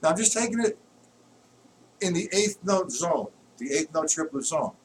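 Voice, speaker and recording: A man teaching drums in a live-streamed lesson, explaining patterns patiently and counting beats aloud loudly while he plays. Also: a little high, lively intonation, normal speed, heavy background noise. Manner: explains patiently, checks if students follow. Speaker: drum teacher. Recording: distant mic with loud drumming.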